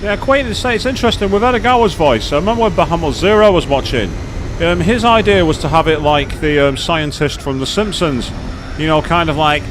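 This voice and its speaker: Over a noisy background, a gaming streamer with a slightly high, expressive voice talks fairly quickly while playing a racing game live. His live commentary and chat are rambling, chatty, and self-deprecating.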